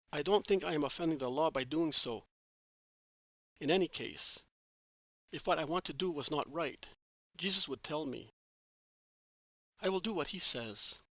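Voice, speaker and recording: A man's voice: on the high side, fairly bright tone, no room sound, rough recording. A man reading the part of an earnest young male disciple who pleads and asks searching, heartfelt questions.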